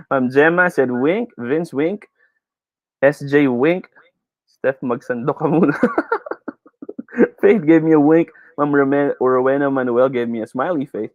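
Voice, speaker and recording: A man's voice: medium pitch, slow pace, pauses often, dry recording, dull audio. A man with a Filipino English accent teaching a live online speech class, reading viewers' comments aloud, chatty, often laughing and mixing Tagalog into his English.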